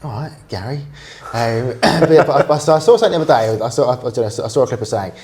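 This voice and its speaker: A man's voice: medium pitch, fast, darkish tone. A man with an English accent, co-hosting a podcast in casual chat, rambling with many restarts and fillers and swearing freely. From England. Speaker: podcast co-host.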